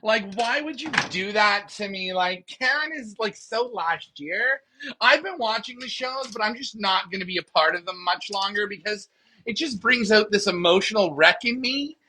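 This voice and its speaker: A man's voice: high-pitched, animated, normal speed, pushed and bright, heavily acted, poor audio. A man voicing a melodramatic, fed-up female pigeon in a whiny valley-girl drawl.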